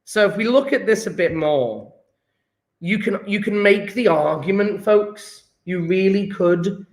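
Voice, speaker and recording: High-voiced jokey male chemistry teacher. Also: unhurried. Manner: jokey, chatty, addresses viewers as folks. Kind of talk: casual revision lesson.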